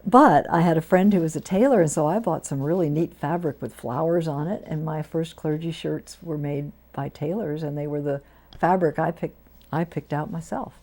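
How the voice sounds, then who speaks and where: Interviewed in a community TV studio, an older Episcopal priest tells stories from her life at a moderate pace, her voice low, gravelly, dark and mellow. She's warm and anecdotal, putting on lively voices to quote the people she encountered.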